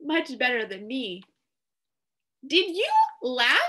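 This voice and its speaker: A woman teacher reading a picture book aloud to young children, slow and animated. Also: high-pitched.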